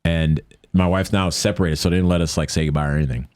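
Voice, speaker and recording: A man telling a story casually as a guest, animated, acting out quotes in a higher voice. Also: quick pace, dry recording, clean studio sound.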